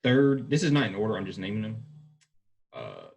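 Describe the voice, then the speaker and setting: A man's voice: fairly low pitch, wildly swooping pitch, normal speed, vocal fry, a little mellow, husky, muffled recording. A young man co-hosting a podcast in casual chat, rambling and hedging as he goes. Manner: rambling, hedging, self-correcting. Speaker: podcast co-host.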